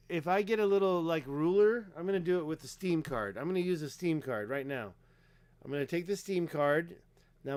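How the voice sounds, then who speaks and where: A man's voice: a little high, clean tone, no echo. A man hosting a casual livestream, talking emphatically and rambling with lots of fillers while clicking through pages. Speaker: livestream host.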